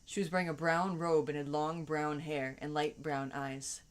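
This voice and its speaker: A woman's voice: sits low, flat delivery, normal speed. A woman co-hosting a fanfiction reading, teasing the story with laughing commentary. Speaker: co-host.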